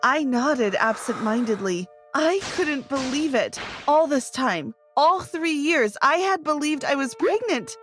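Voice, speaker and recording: A woman narrating a dramatic first-person story for an animated video. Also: sits high, a little slow, few pauses, faint music behind.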